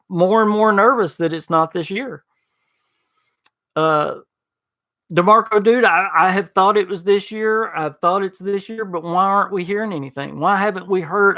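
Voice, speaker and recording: A man hosts a casual gaming podcast stream, reading and answering his chat. His voice sits a little high with a gravelly rasp. He rambles, repeats himself and restarts words often. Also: fairly bright tone. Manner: rambling, stammering restarts, addresses chat by name.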